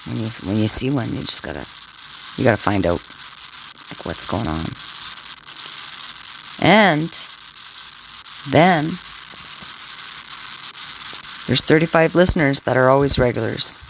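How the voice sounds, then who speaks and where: A woman's voice: a bass voice, expressive, a little slow, creaky, long pauses, slight background noise, rough recording. A woman rambling crudely to her livestream listeners, taunting them and tagging her sentences with questions. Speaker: scanner livestreamer talking to listeners. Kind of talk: rambling casual monologue.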